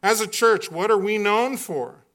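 A man preaching a sermon with lively delivery, reading scripture and acting out the characters in it. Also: sits high, measured pace. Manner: animated preaching, acts out scripture voices. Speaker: pastor.

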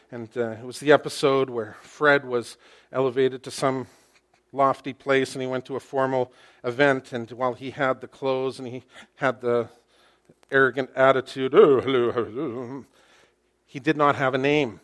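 A man preaches a sermon to a congregation in a church. He has an engaging, animated way of telling a story. He poses rhetorical questions and slips in wry humor. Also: mid-range voice, normal speed. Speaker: pastor. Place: church, speaking to a congregation with slides.

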